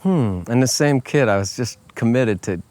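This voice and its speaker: A man speaks in an easygoing, folksy way, coaching his listeners in a casual talk. His voice sits in a middle register, and he keeps checking in with a friendly "okay?" He lifts his voice brightly whenever he plays out a conversation. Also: moderate pace. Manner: relaxed, folksy, peppered with "okay?" and "you know"; acts out quoted voices in a higher pitch. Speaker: life coach. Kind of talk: casual motivational talk to camera.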